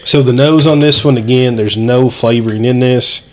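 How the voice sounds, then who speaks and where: A man's voice: medium pitch, moderate pace, darkish tone, slight background noise. A man co-hosting a casual podcast chat, explaining things step by step with frequent restarts. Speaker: podcast co-host.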